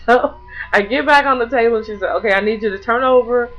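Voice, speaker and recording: A woman's voice: a little high, fast, dull audio. A woman vlogger telling a personal story to camera in casual speech, acting out the lines of others with many restarts and repeated words. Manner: animated, acts out the dialogue of others.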